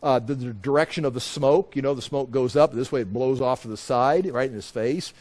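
A man's voice: mid-range voice, brisk, a little mellow. A man teaching a Bible passage verse by verse in a conversational way, often restarting and repeating phrases and acting out quoted voices.

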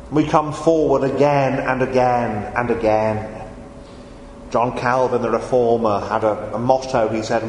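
A man preaching a communion sermon in a church, slow and earnest, repeating his phrases. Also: medium pitch. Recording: echoey hall, faint room noise.

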